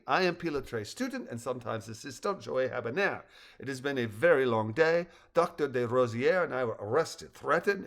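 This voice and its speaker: A man's voice: mid-range voice, a bit bright. A man voicing a stiff, polite young male assistant in a storybook reading. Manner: stiff and formal.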